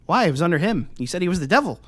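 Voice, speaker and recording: Podcast co-host, male, slightly high voice, heated profane ranting. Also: very animated, racing. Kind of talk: casual podcast chat.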